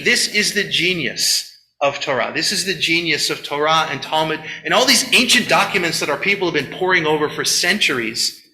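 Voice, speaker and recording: Male rabbi giving a sermon, bright and tense tone, roomy echo. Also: fairly high pitch. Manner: animated storyteller, acts out quotes, chatty asides. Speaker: rabbi leading a Shabbat service. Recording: echoey room.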